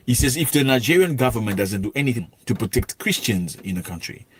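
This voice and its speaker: A man narrating news events in a steady, explanatory way. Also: mid-range voice, fast talker, slightly rough.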